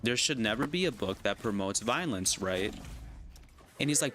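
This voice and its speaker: A man's voice: lowish voice, lively intonation, moderate pace, a bit bright, a little hiss or hum. A man streaming a game and venting casually. He argues his point and keeps tagging his sentences with "right?" and "you know?". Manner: argumentative, constantly asks "right?" and "you know?". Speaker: gaming streamer. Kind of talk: casual rant while gaming.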